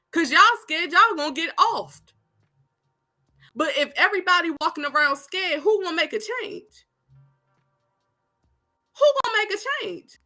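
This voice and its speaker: A woman, giving animated, sassy commentary straight to her viewers. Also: high voice. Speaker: online commentator.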